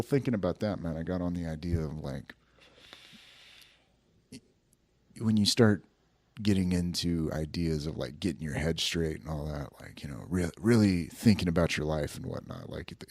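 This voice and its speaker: A man's voice: sits low, a little mellow, no echo. A man hosting a podcast, musing in a laid-back way with lots of filler. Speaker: podcast host. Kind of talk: casual podcast chat.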